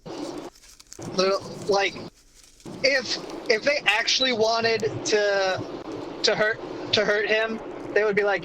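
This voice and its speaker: A man in casual political discussion, making his point haltingly with repeated words. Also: high voice, steady tone, noisy background. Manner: halting, repeats words while building an argument.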